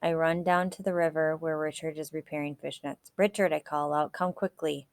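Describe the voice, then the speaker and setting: A woman reading a novel aloud in a measured way, now and then correcting a slipped word. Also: low voice, little pitch movement, clean tone, no echo. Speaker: audiobook reader.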